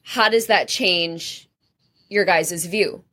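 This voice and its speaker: A woman co-hosting a video-call panel, deliberately putting questions to the group. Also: on the low side, fairly bright tone. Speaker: co-host.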